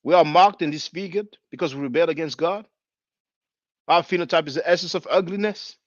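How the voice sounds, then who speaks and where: A man's voice: on the high side, fairly quick, no room sound, muffled recording. A man giving chatty, mocking commentary on video clips, with many fillers.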